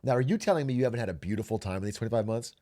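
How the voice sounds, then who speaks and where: Animated, joking male streamer. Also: mid-range voice, rapid-fire. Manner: animated, joking, reads chat aloud. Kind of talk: casual livestream chat.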